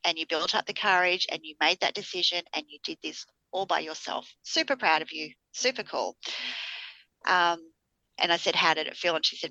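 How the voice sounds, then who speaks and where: A woman's voice: fairly low pitch, moderate pace, sharp tone, no room sound, poor audio. A middle-aged woman, co-hosting a podcast in casual chat and acting out the people she quotes as she tells a story. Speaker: podcast co-host.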